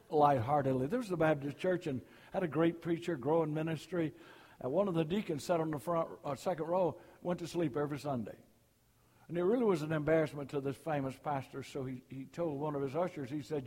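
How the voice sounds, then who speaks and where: An older preacher from Alabama, telling folksy stories in a sermon. His voice sits a little high, and a long church reverb hangs on every word. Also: a little mellow, slightly rough. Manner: folksy, storytelling.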